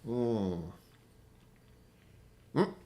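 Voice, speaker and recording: A man's voice: medium pitch, very animated, very slow, dark tone. A man hosting a casual home whiskey livestream, rambling and often breaking off mid-thought to fix things. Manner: rambling, distractible, self-interrupting.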